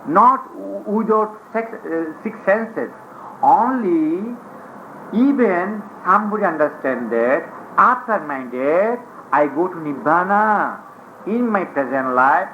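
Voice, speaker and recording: Male monk teacher, Dhamma talk, halting repetitive delivery, dull 1980s tape with faint hiss. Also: fairly high pitch, animated. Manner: repetitive, broken phrasing, storytelling. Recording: muffled 1980s tape recording.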